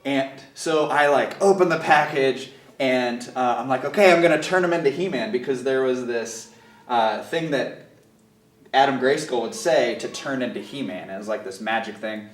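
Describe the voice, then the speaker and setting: A man's voice: medium pitch, unhurried. Guy telling goofy stories, laughs a lot, echoey room, sitting back from the mic. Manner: storytelling, animated, laughs often. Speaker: guest. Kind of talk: casual chat. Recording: roomy, from a distance.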